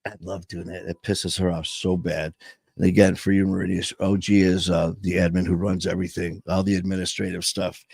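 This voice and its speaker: Gravelly low-voiced man rambling on a live show. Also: little pitch movement, fairly quick, darkish tone, no echo. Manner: rambling, self-interrupting, candid. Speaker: host of a sobriety and faith live show. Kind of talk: casual live-stream chat.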